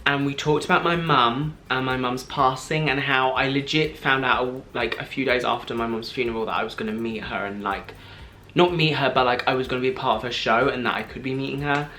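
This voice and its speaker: A young man in his twenties, excitedly retelling a personal story on his vlog, full of "like" and quoted back-and-forth. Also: mid-range voice, brisk, a little hiss or hum. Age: 20s. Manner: gushing, breathless retelling full of "like" and "I was like". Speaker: vlogger.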